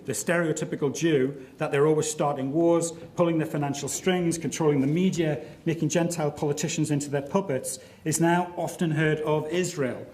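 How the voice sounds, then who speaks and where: A middle-aged man giving a formal, measured and emphatic debate speech full of rhetorical questions, heard in a large lecture hall. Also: a little high, a little mellow, slight background noise. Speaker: debate speaker. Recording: echoey hall recording.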